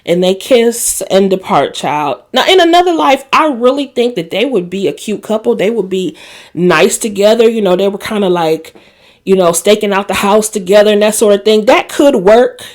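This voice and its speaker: A TV recap host with a darkish, mid-range voice and moderate pace chats through a drama episode as if sharing gossip. She speaks to viewers in asides, laughs, and dramatizes quoted lines.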